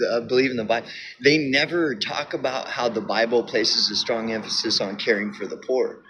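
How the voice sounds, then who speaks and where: Speaking to camera, this man keeps restarting his sentences, leaning on fillers and repeating his points with insistent emphasis. He's a video commentator giving a casual monologue. His voice is medium-pitched and a bit bright, and the sound is lo-fi with slight background noise.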